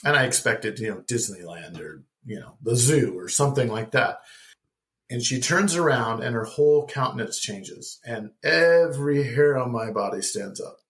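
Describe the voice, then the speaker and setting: A middle-aged man telling a personal faith story as a podcast guest, lively and acting out the dialogue he recounts. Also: mid-range voice, moderate pace. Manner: animated storyteller who acts out dialogue.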